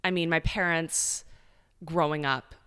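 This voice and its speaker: A woman's voice: low voice, fairly even intonation, unhurried, sharp tone, clear, resonant tone, in a large hall. A young adult woman from Canada, a news reporter, chatting upbeat as a podcast guest. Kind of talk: casual podcast interview.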